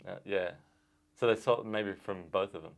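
Low-voiced man, rambling podcast host. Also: steady tone, vocal fry, slight background noise. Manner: rambling, halting restarts, laughs easily. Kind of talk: casual conversational chat.

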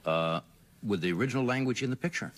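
A man hosting a talk show, a relaxed and chatty interviewer who introduces guests and sets up segments. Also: medium pitch, fast.

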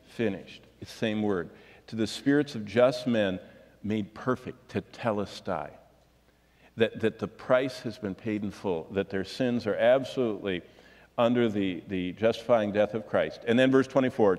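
A man's voice: lowish voice, normal speed, darkish tone, in a large hall. A man preaching a sermon, reading scripture and pressing his points with rhetorical questions. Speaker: pastor.

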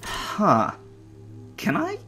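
A man voicing a stranded space survivor who mutters to himself in a halting way. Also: high voice, wildly swooping pitch, soft background music, heavily acted. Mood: worried. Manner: talks to himself, halting, rising to panicked shouts. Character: stranded male space survivor, anxious and curious. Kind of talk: acted game narration.

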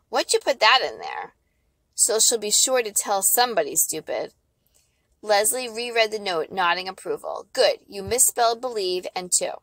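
Expressive woman reading a children's novel. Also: mid-range voice, unhurried, dry recording. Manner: expressive, lively dialogue voices. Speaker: audiobook reader. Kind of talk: storybook read-aloud.

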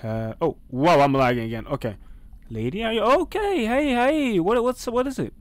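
A man's voice: high voice, big pitch swings, moderate pace. A young man playing a horror game and commentating, jumpy and talking back to the characters on screen. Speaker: gaming channel host. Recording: faint background noise.

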